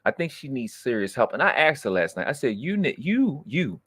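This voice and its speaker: A man hosts a heated livestream rant, his pitch leaping all over as he goes from grumbling to shouting. His voice is bright and forceful. It is recorded on a dry, close mic. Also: very animated, normal speed, hardly any pauses, husky, no room sound. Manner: profane, swings from low muttering to loud outbursts. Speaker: livestream host.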